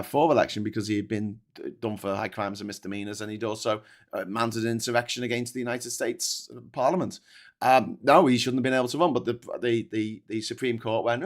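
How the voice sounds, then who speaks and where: A British man hosting a political commentary show, ranting in a heated, mocking, sweary way. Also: fairly low pitch.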